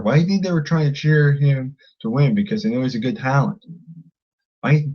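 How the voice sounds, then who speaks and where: A man's voice: mid-range voice, a little mellow, highs cut off. A man ranting angrily at a critic, combative and insulting, often repeating himself. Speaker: vlogger. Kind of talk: angry rant to camera.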